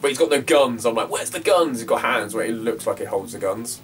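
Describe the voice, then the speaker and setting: A man's voice: mid-range voice, quick pace. Chatty man, distant mic. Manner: rambling, chatty, swears freely. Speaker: retro game collector. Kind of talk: casual vlog chat. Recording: distant from the mic, faint guitar music behind.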